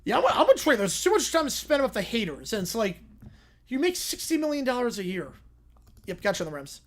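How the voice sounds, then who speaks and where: A young man hosting a casual livestream, answering viewer questions with quick reactions and frequent "yeah"s. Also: very high-pitched, very animated. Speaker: livestream host reading chat.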